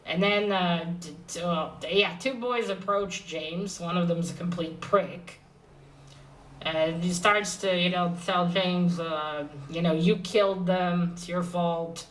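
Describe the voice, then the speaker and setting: A woman's voice: lowish voice, slow, a bit bright, distant mic, slight background noise, rough recording. A woman casually recapping a comic book issue, rambling and hesitant, with many fillers and restarts.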